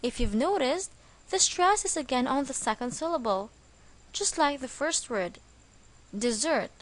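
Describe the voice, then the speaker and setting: A woman's voice: sits high, big pitch swings, normal speed. A woman reading a scripted English vocabulary lesson as the teacher, speaking carefully and stressing syllables.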